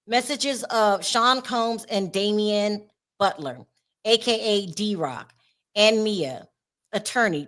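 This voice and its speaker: A woman hosting a casual livestream chat, talkative and expressive, laughing often. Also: mid-range voice. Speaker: host.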